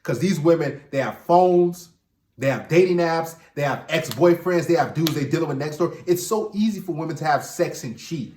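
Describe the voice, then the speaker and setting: A man's voice: on the high side, moderate pace, darkish tone, a little hiss or hum. A man talking straight to viewers in an emphatic casual monologue, often repeating words as he restarts. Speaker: relationship commentator and host. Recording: echoey room.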